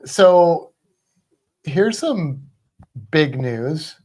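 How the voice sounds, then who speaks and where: A woman with an exceptionally low, deep voice co-hosts a relaxed home livestream. She chats in a loose, teasing way and greets viewers one by one, speaking from a home podcast studio. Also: extremely slow. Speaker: co-host of a livestream about pets. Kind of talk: casual livestream chat.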